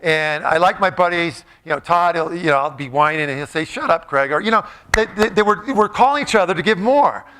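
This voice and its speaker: A man's voice: high voice, brisk, hardly any pauses, sharp tone, slight background noise. A man giving a playful, jokey motivational talk, quizzing a live audience in a large room. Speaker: motivational speaker.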